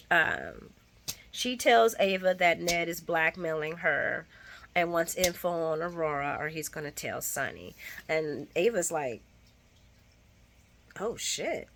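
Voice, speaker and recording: A woman talks through a soap opera recap in a loose, chatty monologue, full of slang and the odd swear word. Her voice sits fairly low but sounds bright and forceful, and she jumps far higher whenever she acts out a character's lines. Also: vocal fry.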